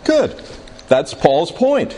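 A man teaching a Bible class, speaking deliberately and putting questions to his students in a room with a board. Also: a little high, sing-song, a little mellow. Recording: reverberant hall, faint background noise.

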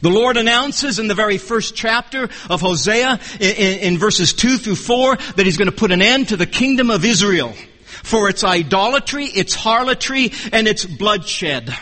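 A man preaching an expository sermon, earnest and measured, often repeating and restarting phrases for emphasis. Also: high-pitched, expressive, bright, forceful tone, in a large hall.

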